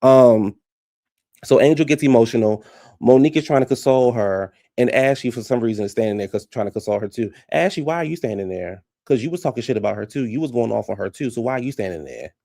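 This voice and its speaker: A man giving casual, profane reaction commentary on a reality show, blunt and animated, often laughing. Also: medium pitch, fast, no room sound, clean studio sound.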